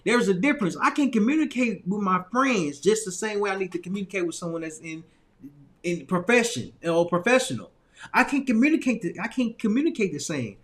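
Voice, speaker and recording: Southern man from Arkansas, high voice for a guy, casual motivational storyteller, chatty and repetitive. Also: lively intonation, fairly quick, a bit bright. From Little Rock, Arkansas, US. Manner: loose, repetitive phrasing with frequent laughs and restarts. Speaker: motivational speaker.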